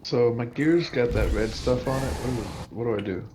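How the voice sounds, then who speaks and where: A man's voice: mid-range voice, moderate pace. A man chatting casually with his raid group, rambling and hesitant with lots of fillers. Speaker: raid group member and streamer. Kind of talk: casual voice chat during a game raid. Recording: noisy.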